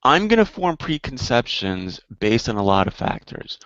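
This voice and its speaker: A man's voice: medium pitch, very animated, moderate pace, a bit bright, no room sound, highs cut off. A man in a heated online debate, insisting on his point and lecturing the others.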